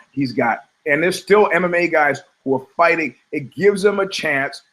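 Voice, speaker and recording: A man's voice: fairly high pitch, a bit bright. A man in his forties hosting a talk show, rambling and swearing, often repeating words as he restarts his thoughts. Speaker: podcast host.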